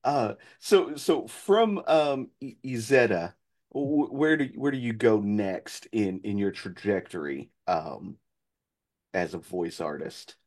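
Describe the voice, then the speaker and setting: A man hosting a casual interview who asks his question haltingly, restarting as he goes. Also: lowish voice, expressive, a little mellow. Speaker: interview host.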